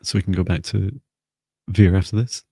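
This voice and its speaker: A man giving live spiritual readings and energy clearings, speaking slowly and soothingly. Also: sits low, flat delivery, dark tone. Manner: slow, soothing, meditative. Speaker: spiritual reader.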